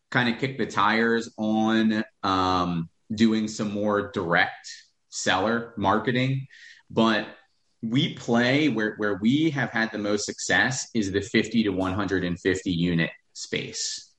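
A man's voice: on the low side, slow, fairly bright tone, roomy sound. A man who is a real estate investor, talking bluntly with profanity as a podcast guest. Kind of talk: podcast interview.

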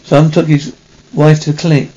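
A man reading a film script aloud in a halting way, correcting himself as he goes. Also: a little high, little pitch movement, warm tone, muffled recording. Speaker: reader.

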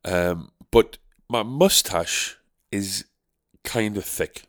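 A man's voice: fairly low pitch, very slow, a bit bright, no echo, clean studio sound. A young man from North East England, hosting a casual solo podcast, rambling and sarcastic, swearing freely. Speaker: podcast host.

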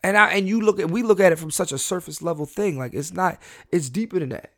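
Male podcast host, gravelly, dry close sound, loose profane rambling with lots of restarts. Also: sits high, quick pace, no room sound. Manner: animated, repetitive restarts, profane, laughs at himself. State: high on an edible. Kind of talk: solo casual podcast rant.

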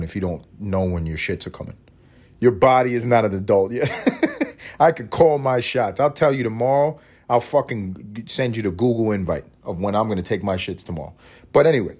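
A man's voice: lowish voice, normal speed, darkish tone. A man in his thirties hosting a solo podcast, rambling and cursing in a cranky, self-mocking way. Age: 30s. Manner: cranky, scattered. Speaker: podcast host. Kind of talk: casual solo podcast rant.

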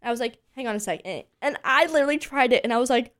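A woman in her twenties, a voice teacher from Pennsylvania, chatting as an interview guest and telling animated stories full of fillers. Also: a little high, fast. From Pennsylvania, USA. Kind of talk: casual interview chat.

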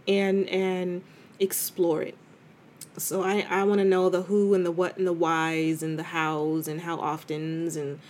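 This podcaster's voice sits on the low side with a slightly mellow quality, against slight background noise. She talks frankly and thoughtfully in an informal way, stumbling through restarts and frequent fillers.

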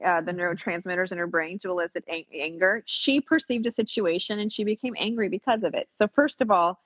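A woman's voice: fairly low pitch, husky, no echo. A woman explaining a forgiveness practice in casual podcast chat, earnest and frank, swearing now and then. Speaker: spiritual teacher. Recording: dull lo-fi recording.

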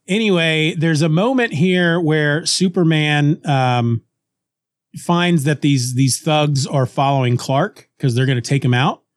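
A man co-hosting a podcast, casually retelling a comic story with lively restarts and snippets of character voices. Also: medium pitch, no room sound, studio quality. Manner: animated retelling, acts out characters' lines, frequent restarts. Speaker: podcast co-host.

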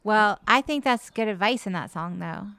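A woman's voice: medium pitch, animated, moderate pace, sharp tone, clean tone, dry recording. A woman chatting as a guest on a comedy podcast over a video call, musing aloud and laughing easily. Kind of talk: casual comedic chat.

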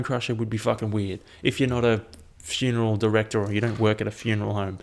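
Rambling, profane Aussie guy, gravelly. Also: fairly low pitch, little pitch movement, fast talker, few pauses. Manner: rambling and profane, with frequent ums. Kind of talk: casual chat.

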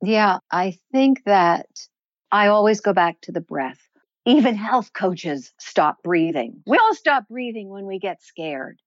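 A woman answering interview questions as a voice and performance coach, explaining in a measured, instructive way. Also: medium pitch, animated, dry recording, muffled recording. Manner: measured, instructive, slows to stress points.

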